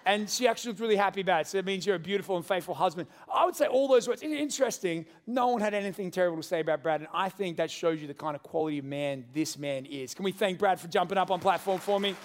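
Lively high-voiced preacher. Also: male voice, quick pace, hardly any pauses. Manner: animated, joking with the congregation. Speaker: pastor. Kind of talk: sermon. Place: church hall with congregation.

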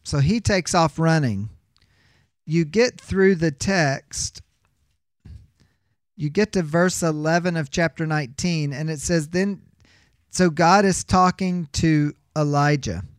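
Male Bible teacher, high pitch, dry close sound, emphatic lecturer who poses rhetorical questions. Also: takes it slowly, no room sound. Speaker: biblical counseling teacher.

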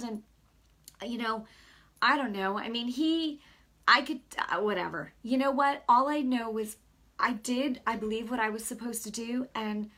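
A woman sharing a casual spoken testimony as a Christian speaker. She tells the story in a rambling way, with many fillers and restarts, and her tone shifts from bright excitement to soft earnest moments. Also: fairly high pitch, moderate pace.

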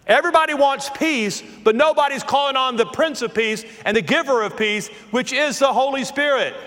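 Southern pastor in his fifties, high voice, preaches in a reverberant hall, moving between hush and loud calls. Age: 50s. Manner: swings from hushed to forceful preaching. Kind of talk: sermon.

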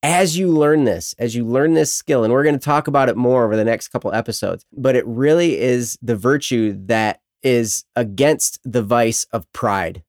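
A man's voice: medium pitch, normal speed, hardly any pauses, a little mellow, dry recording, studio quality. A man co-hosting a casual faith talk show, speaking reflectively and leaning on "you know" fillers. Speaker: co-host.

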